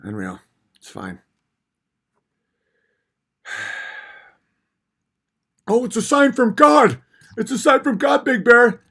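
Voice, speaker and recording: A man's voice: slow pace, pauses often, a bit bright, slightly rough. Sardonic man hosting a livestream. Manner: sardonic, swings between mocking voices and low mutters. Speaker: livestream host reading viewer messages. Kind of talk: casual livestream chat.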